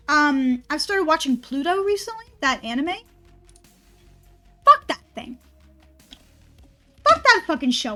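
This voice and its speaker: Give me a high-pitched woman streamer who swears a lot and rambles, with soft music behind. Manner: profane, ranting, rambling. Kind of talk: casual stream chat.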